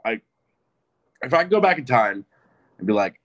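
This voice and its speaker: A man's voice: medium pitch, sing-song, normal speed, long pauses. A man in his twenties, a podcast guest, telling a rambling, profane story in casual chat. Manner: rambling and profane, with frequent restarts.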